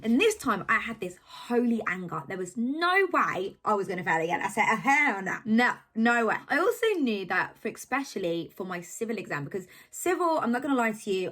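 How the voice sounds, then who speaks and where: A young woman from England sharing a personal faith testimony in an emphatic, animated storytelling way. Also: mid-range voice. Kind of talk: casual testimony vlog.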